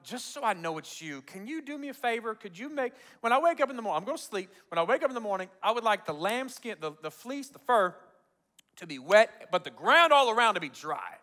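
Gideon as a pastor acts him out an anxious young man with a very high, bright, stammering voice. He pleads in a rush and sometimes breaks into fired-up shouting. Told in a sermon. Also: sing-song, brisk, exaggerated voice. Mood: hushed pleading. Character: anxious young man called to lead, turning fired-up rallier.

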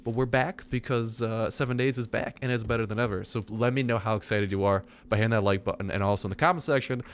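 A man's voice: lowish voice, fairly even intonation, fast talker, clear, resonant tone. A young man giving rambling, self-mocking commentary while playing a survival game. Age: young adult. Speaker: gaming YouTuber. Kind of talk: casual let's-play commentary.

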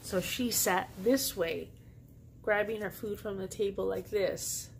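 A woman's voice: mid-range voice, measured pace, creaky, slight background noise. A woman vlogger telling a story in a casual way, sassy and full of slang. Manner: sassy, slangy, animated retelling.

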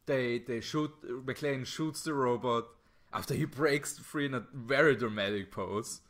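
A man's voice: mid-range voice, unhurried, fairly bright tone. A man co-hosting a casual podcast about an old TV show, joking and laughing often. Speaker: podcast co-host. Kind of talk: casual chat.

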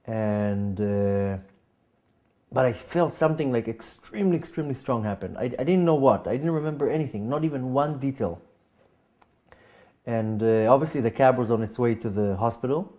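A man telling a personal story, with a halting manner full of repeats and restarts, getting animated as he acts out scenes. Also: mid-range voice. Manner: animated when acting out scenes. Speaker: speaker giving a personal testimony.

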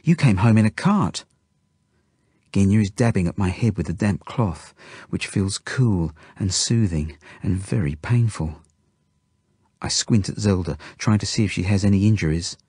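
Male storybook narrator, low and husky, dry close read. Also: normal speed, mellow, no echo. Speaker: audiobook narrator. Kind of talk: first-person storybook narration.

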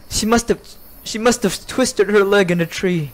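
With few pauses and a high-sitting voice at normal speed, a man narrates his horror game run live. Jittery and afraid, he swears constantly and yelps and gasps as he moves through the game.

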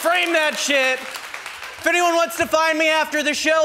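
Over music and loud audience laughter and noise, a young small-town Southern comic performs brash, campy, profane stand-up on a live stage. His voice is very high-pitched, fairly even in intonation, and a little slow.

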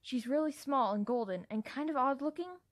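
A woman's voice: high voice, expressive, brisk, dry recording, pitched above the performer's own voice. An earnest, worried young male dragon, voiced by a woman reading aloud. He sounds anxious and pleading, with a dry, close recording. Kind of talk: amateur audiobook character voice.

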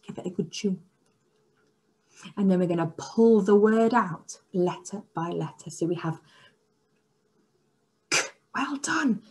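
A woman teacher leading an online phonics lesson for young children, sounding out letters slowly and praising with excitement. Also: medium pitch, slightly rough. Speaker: early years teacher.

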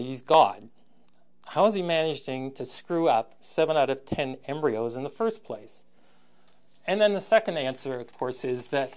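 A man giving a recorded university lecture, halting with many ums and frequent throat clearing, with wry, sardonic asides. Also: medium pitch, darkish tone. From Canada.

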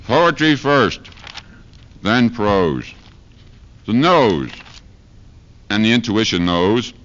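Expressive and slow, this man's voice sits on the low side with a fairly bright tone. He is a street preacher comedian doing a meandering, profane monologue with rhyming chants, live at a university lecture hall. The 1970s archive recording has a dull, lo-fi quality.

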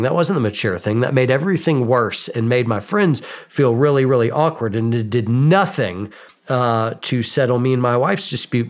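Man telling self-mocking stories. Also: medium pitch. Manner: self-mocking, lively, acts out quoted dialogue. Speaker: podcast guest. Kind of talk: casual storytelling. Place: podcast studio.

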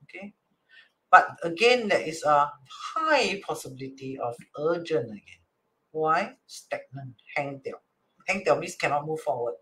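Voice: medium pitch, animated, a little slow, a bit bright, slight background noise. A teacher with a Singaporean English accent, explaining a divination chart reading, acting out quoted dialogue, slipping in Chinese and Hokkien words, and often checking in with "right?".

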